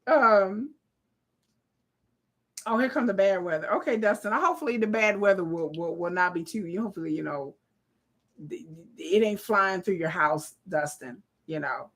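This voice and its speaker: A woman, hosting a live watch party with blunt, profane, animated casual commentary. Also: mid-range voice, moderate pace. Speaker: live-stream host.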